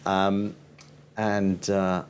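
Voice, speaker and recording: Older male TV producer, very deep voice, chatty anecdotal storyteller, faint background noise. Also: monotone, extremely slow. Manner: rambling, laughs often, quotes people in voices. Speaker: TV format producer, interview guest.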